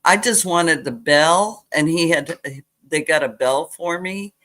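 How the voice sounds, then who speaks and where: An older woman telling childhood stories in a casual chat, animated as she retells them. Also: low-pitched, unhurried. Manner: animated retelling with acted quotes. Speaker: guest.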